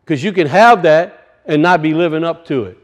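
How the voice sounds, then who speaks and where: A man preaching a sermon and telling a personal story, swinging from loud bursts to hushed, quiet lines. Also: on the high side, animated, normal speed. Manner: rises loud then drops to hushed, storytelling.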